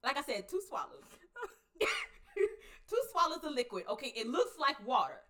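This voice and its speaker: A woman co-hosting a podcast in casual chat, animated and profane, laughing often and acting out scenes. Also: high-pitched, normal speed. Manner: animated, profane, laughs a lot, acts out lines. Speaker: podcast co-host. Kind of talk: casual chat recapping a show.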